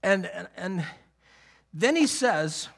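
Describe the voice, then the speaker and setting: A man teaching a conversational Bible sermon, animated and emphatic, acting out the quotes as he goes. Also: sits high, slow, gravelly. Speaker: preacher.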